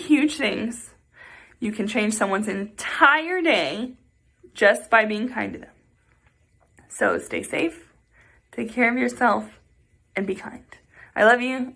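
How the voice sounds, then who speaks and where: A woman's voice: on the high side, vocal fry, fairly bright tone. A young woman teaching a music lesson to children at home, chatty and cheerful, often saying y'all.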